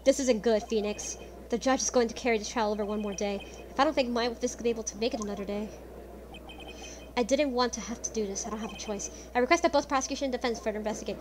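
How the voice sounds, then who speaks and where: A woman's voice: fairly high pitch, fast, a little hiss or hum, natural voice. A woman voicing an anxious young male defense lawyer in a courtroom game, worrying aloud. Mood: worried. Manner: worried, thinking aloud.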